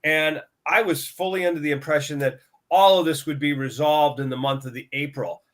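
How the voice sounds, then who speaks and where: A man's voice: a little high, steady tone, moderate pace. Chatty man retelling trade stories. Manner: conversational, retells exchanges with quoted dialogue. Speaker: lumber buyer on a market talk show. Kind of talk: casual panel discussion.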